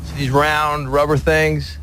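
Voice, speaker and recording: A man's voice: on the high side, level tone, unhurried, fairly bright tone, slight background noise. An actor playing a pushy male police officer who talks in a sarcastic, condescending way.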